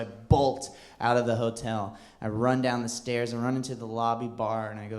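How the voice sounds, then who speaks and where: Male comic, mid-range voice, rambling, halting delivery, self-deprecating. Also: mid-range voice, flat delivery, darkish tone. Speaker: stand-up comedian. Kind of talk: stand-up storytelling. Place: comedy club stage.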